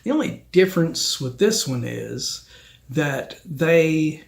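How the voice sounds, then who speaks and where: A man hosting a film review channel, talking through a review in a slow, rambling way with many ums. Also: a little high, lively intonation, gravelly.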